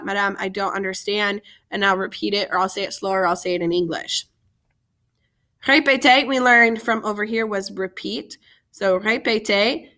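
A woman's voice: mid-range voice, pushed and bright. A woman French teacher giving a vocabulary lesson, carefully modeling each French phrase and then explaining it in English.

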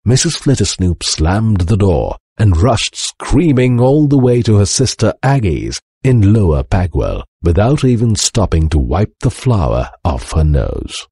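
Man narrating a children's story, low husky voice, dry close sound, very animated. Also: a little slow, hardly any pauses, dry recording. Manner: animated, expressive reading. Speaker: storybook reader.

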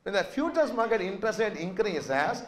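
High-voiced guy, teaching finance, keeps firing "yes or no?" at the class. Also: big pitch swings, moderate pace. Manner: drilling students with constant "what?" and "yes or no?" questions. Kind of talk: classroom lecture.

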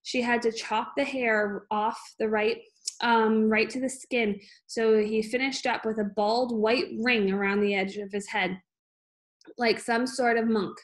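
A woman reading a children's book aloud at an unhurried pace, with frequent small slips and restarts. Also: fairly high pitch, level tone. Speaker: reader.

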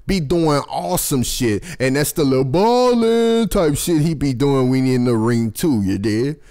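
A fired-up young man talking straight to his viewers in a loose, profane vlog rant. His voice sits mid-range but shoots up high whenever he hits a point hard. He keeps checking in with his audience as he goes. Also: moderate pace. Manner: animated, swears constantly, jumps high in pitch for emphasis. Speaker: vlogger host. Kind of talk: casual profane commentary to camera.

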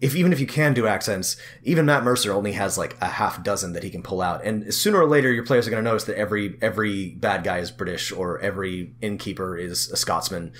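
A man with a fairly low voice co-hosts a relaxed podcast conversation about tabletop games. He is chatty, laughs easily and often restarts his sentences mid-thought. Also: fast, few pauses, a little hiss or hum. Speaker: podcast co-host. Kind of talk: casual chat.

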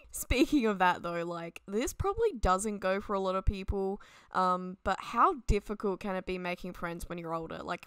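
A young woman rambles casually over a game speed build at her desk at home, laughing often as she goes. Her voice is smooth and clear. The recording is dry and close. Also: medium pitch, fairly bright tone, dry recording. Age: young adult. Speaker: Sims 4 builder and YouTuber.

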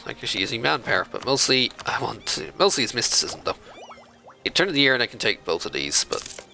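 A man's voice: lowish voice, creaky, sharp tone, low-quality recording. A man giving casual commentary over a strategy video game, chatting along and scolding the computer opponents in mock outrage. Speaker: video game let's-play host.

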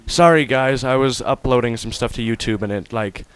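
A young man doing let's play commentary from his room, goofy and hyperactive, breaking into sudden shouts. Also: medium pitch, steady tone, brisk, clear, resonant tone, no room sound. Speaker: gamer host.

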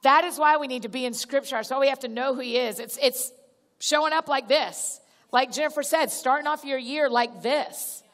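A woman with a somewhat high voice gives a chatty sermon to a church crowd, calling them y'all and acting out small prayers in a natural way. Her voice carries a long reverb from a large church auditorium. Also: normal speed, a bit bright. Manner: chatty, direct, addresses listeners as y'all; restarts sentences and acts out little prayers. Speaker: guest speaker at a church gathering. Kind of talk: conversational sermon.

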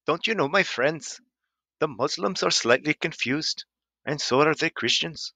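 A man voicing a pompous male street preacher who booms and sermonizes in a mocking way. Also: animated, measured pace, bright, forceful tone, husky, no echo, full character voice. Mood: preachy.

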